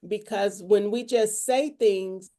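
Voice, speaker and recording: A woman preacher co-hosts a casual faith podcast, speaking slowly in a warm, medium-pitched voice. She sounds firm, assertive, and authoritative.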